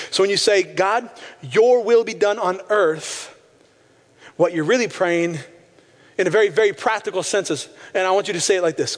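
A male pastor preaching a sermon with passion, slowing down to stress key phrases. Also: sits high, expressive. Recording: long hall reverb.

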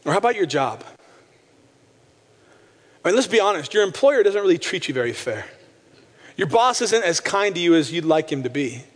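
A male pastor preaching a sermon with passion, slowing down to stress key phrases. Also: high-pitched, very animated. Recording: long hall reverb.

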